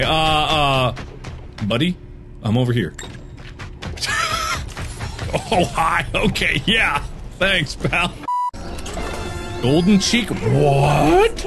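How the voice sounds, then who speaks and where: A young man doing jokey let's-play commentary, excitable and often shouting at the game. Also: mid-range voice, slow pace, long pauses. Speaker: gaming video host. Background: game music.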